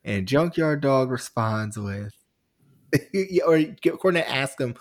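A man's voice: mid-range voice, slow. A man co-hosting a podcast, retelling events in a rambling, giggly way. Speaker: podcast co-host. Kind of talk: casual wrestling chat.

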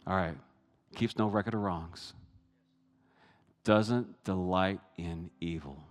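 A man preaching a sermon, animated, swinging from hushed asides to loud, high bursts. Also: takes it slowly, in a large hall. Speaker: pastor.

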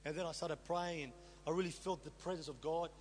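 A man's voice: on the high side, fairly even intonation, a little fast, darkish tone. A middle-aged man sharing his testimony as a sermon to a congregation, telling his story with rhetorical questions. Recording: reverberant hall with faint hum.

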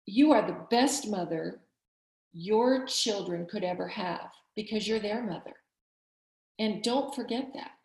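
A woman's voice: mid-range voice, measured pace, vocal fry, darkish tone. A woman in her fifties, a physician, giving heartfelt, emphatic encouragement in a conversation. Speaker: physician, summit speaker. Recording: roomy echo.

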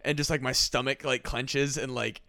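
A man's voice: medium pitch, fairly even intonation, moderate pace, creaky, pushed and bright. A man talking as a guest on a casual comedy podcast, rambling and filling his sentences with "like". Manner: rambling, heavy use of "like".

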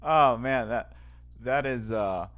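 A man's voice: mid-range voice, takes it slowly, fairly bright tone. A man hosting a podcast, talking casually into a microphone in rambling fashion, with many restarts and easy laughter. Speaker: podcast host.

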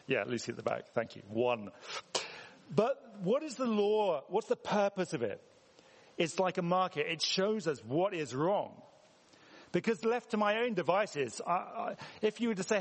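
A man's voice: fairly high pitch, sing-song, moderate pace. A man preaching a sermon in a church, talking conversationally and putting questions to the congregation. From England. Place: church hall. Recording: reverberant church hall.

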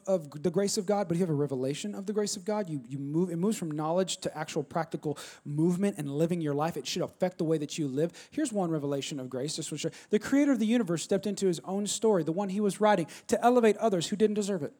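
A pastor with a fairly high voice preaches a sermon to a congregation, speaking fast with few pauses and lively intonation. He shifts between loud, emphatic bursts and low, quiet asides, repeating phrases to press his points.

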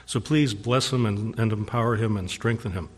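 A man from the church praying slowly and solemnly over a guest speaker, then handing over. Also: lowish voice, husky, in a large hall. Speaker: church leader giving an introduction. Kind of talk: prayer and introduction.

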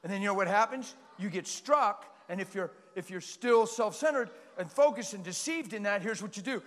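A man preaching a sermon in a passionate, animated way, with sudden loud bursts. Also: high-pitched, moderate pace, few pauses, big-room sound.

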